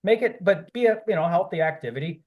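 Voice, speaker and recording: A man's voice: high-pitched, lively intonation, quick pace, narrow, tinny audio. A man talking as a podcast guest, rambling and encouraging, with many fillers and restarts. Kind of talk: casual interview talk.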